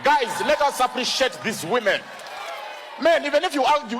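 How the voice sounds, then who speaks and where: A man with a very high voice does stand-up, calling loudly out to his audience. The live recording is full of noise. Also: lively intonation, normal speed, in a large hall. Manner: loud, calls out to the crowd. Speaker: stand-up comedian. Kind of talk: stand-up routine. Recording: noisy live stage recording.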